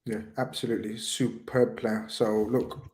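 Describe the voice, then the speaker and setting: A man hosting a casual live-stream chat, relaxed, reading out viewer messages. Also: lowish voice, moderate pace, poor audio. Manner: relaxed, reads viewer super chats aloud. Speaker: host.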